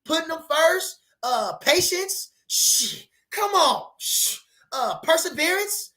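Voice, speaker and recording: Male boxing-stream host, loose and animated, slangy, repeats himself, reads viewer comments. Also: extremely high pitch, slow pace. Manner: animated, slangy, repeats phrases, laughs often. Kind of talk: casual livestream chat reading viewer comments.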